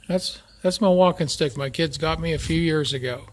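An older man talking in a halting, heartfelt way as he films himself on a phone outdoors by a lake. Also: on the high side. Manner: halting, restarts often, heartfelt. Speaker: vlogger. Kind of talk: casual video diary. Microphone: handheld phone camera.

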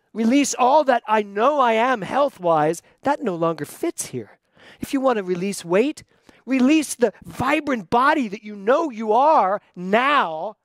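Older new guy preaching, acts out his stories, bit high voice, dry sound. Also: no echo. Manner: animated storyteller, acts out quotes. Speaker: pastor. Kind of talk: sermon with personal story.

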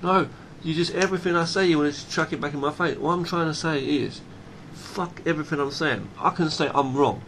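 A man's voice: a little high, a little fast, few pauses, fairly bright tone, a little hiss or hum. Blunt man ranting. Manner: blunt, emphatic, swears freely; repeats and restarts phrases. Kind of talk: unscripted monologue.

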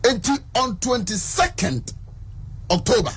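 High-voiced Ghanaian man recounting events. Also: animated, unhurried, fairly bright tone, slightly rough. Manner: plain step-by-step storytelling. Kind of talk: narrated account in an interview clip.

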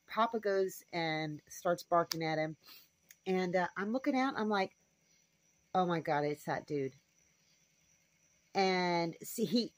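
A woman's voice: lowish voice, dry recording. A woman homestead vlogger telling a story to camera in a frank, rambling, casual way. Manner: rambling, frank, with fillers and asides.

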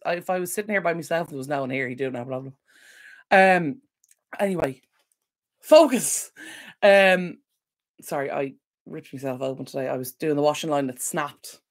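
A woman hosting a casual home livestream Q&A, rambling and apologetic, easily sidetracked while recovering from illness. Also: deep voice. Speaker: decluttering channel host. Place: home room at a computer. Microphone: desk microphone.

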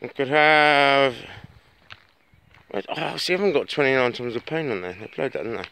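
A man rambling chattily into his phone while walking home on a dark road at night, swearing freely as he talks. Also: medium pitch, moderate pace. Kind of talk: casual vlog monologue. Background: birds tweeting, faint outdoor noise.

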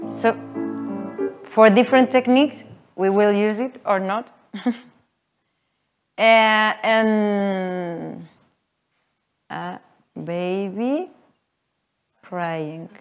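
A woman teaching a voice workshop to a live group, explaining in a halting way with many fillers. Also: mid-range voice, steady tone, clear, resonant tone, soft background music. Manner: halting, filler-heavy explaining, with frequent laughs. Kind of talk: live teaching talk with sung demonstrations. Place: workshop room with an audience.

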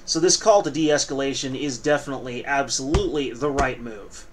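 A man's voice: mid-range voice, brisk, background noise. A man hosting a casual news commentary vlog, reading articles aloud and adding joking, playfully boastful asides.

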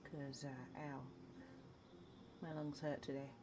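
A woman's voice: deep voice, flat delivery, slow pace, noisy background. A young woman streaming live while she paints, tired and worn out, reading her chat aloud and answering viewers with encouragement. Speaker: livestreamer.

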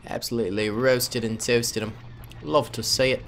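A man's voice: medium pitch, fairly even intonation, moderate pace, a little hiss or hum. A man giving casual, playful commentary over his own gameplay as a gaming host, joking with his viewers. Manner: playful, jokey, talks to viewers as "boys". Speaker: gaming YouTuber.

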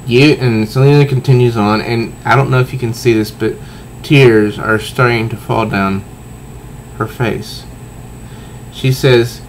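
A man reviewing a comic book, walking through the panels in a methodical, unhurried way. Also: medium pitch, steady tone, slight background noise, low-quality recording. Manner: unhurried, methodical, pauses between phrases. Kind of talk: slow, deliberate comic review, reading panels aloud.

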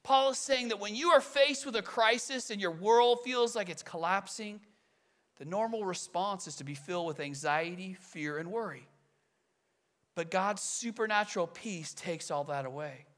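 A male pastor delivers a sermon in a high, bright voice. He talks in an earnest, conversational way, tossing out rhetorical questions. He slows down to stress the key phrases.

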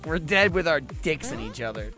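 Yelling, swearing man gaming. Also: on the high side, lively intonation, moderate pace, over loud music. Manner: shouting, swearing, exasperated yelling. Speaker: video game player. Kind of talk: loud gaming banter.

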